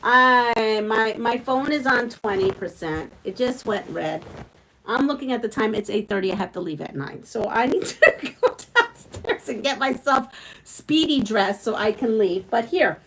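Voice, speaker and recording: A woman's voice: a little high, expressive, measured pace, fairly bright tone, slight background noise, rough recording. Chatty Brooklyn woman hosting a live stream. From Brooklyn, New York. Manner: chatty, reminiscing, reads viewer comments aloud. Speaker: quilting channel host. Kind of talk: casual live-stream chat with viewers.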